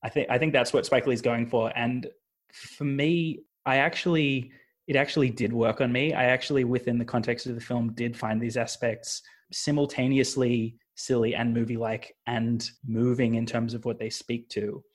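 A man's voice: mid-range voice, fairly even intonation, moderate pace. A man discussing a film in casual conversation, thoughtful and hesitant, building his points with restarts. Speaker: film podcast panelist.

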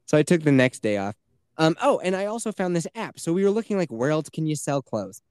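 A man's voice: fairly high pitch, big pitch swings, fairly quick, darkish tone, clear, resonant tone, dry recording, clean studio sound. A man hosting a podcast, telling stories in a chatty, swearing way from a small closet. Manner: chatty storyteller, swears freely. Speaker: podcast host. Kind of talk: casual chat.

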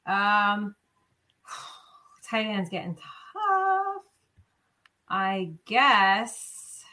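Slow, expressive teasing woman. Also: mid-range voice. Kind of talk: casual fantasy football chat.

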